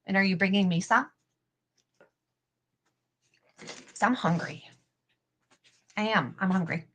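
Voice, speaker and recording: Taking it slowly in a mid-range, fairly bright voice over a little hiss or hum, this young woman hosts a casual craft live stream. As a cosplay prop maker, she rambles with many fillers and swears now and then.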